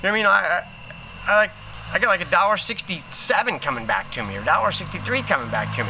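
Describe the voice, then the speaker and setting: A man giving a casual motivational talk as a healing coach, telling a story in an animated, slangy way and acting out other people's lines. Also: high-pitched, quick pace, background noise.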